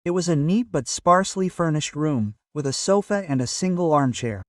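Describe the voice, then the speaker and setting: A male storyteller reads a period detective tale with even, measured delivery. His voice sits slightly high and comes from a step away from the microphone, in a dry room with no echo. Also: recorded from a distance. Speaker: narrator. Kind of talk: scripted audiobook narration.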